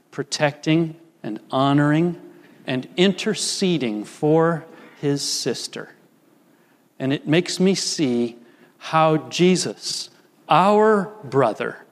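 An older man preaching a sermon as pastor, slow and deliberate with emphatic pauses. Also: a little high. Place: church sanctuary. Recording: long reverb of a church hall.

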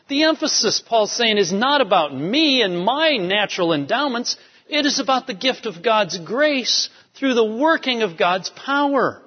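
A man's voice: high-pitched, big pitch swings, normal speed. A man preaching a sermon, emphatic, driving home key phrases by repeating them. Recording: dull lo-fi sound with long hall reverb.

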